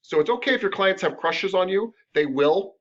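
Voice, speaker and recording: A man's voice: high-pitched, expressive, normal speed, a bit bright. A man teaching a massage therapy class in a casual, joking, conversational lecture. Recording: dull lo-fi lecture recording.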